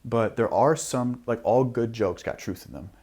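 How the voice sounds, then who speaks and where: A man's voice: medium pitch, moderate pace, darkish tone, a little hiss or hum. A man appearing as a podcast guest in casual chat, easygoing and agreeable, with a lot of yeahs.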